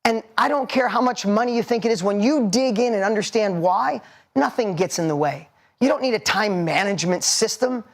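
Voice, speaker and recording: A man's voice: high-pitched, fairly quick. A man in his forties giving a motivational seminar talk, punchy and emphatic, hammering points with repetition. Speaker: motivational speaker.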